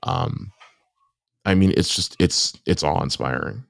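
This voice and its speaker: A man co-hosting a podcast in casual chat, talking haltingly with many fillers. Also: low voice, creaky, no echo, clean studio sound. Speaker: podcast co-host.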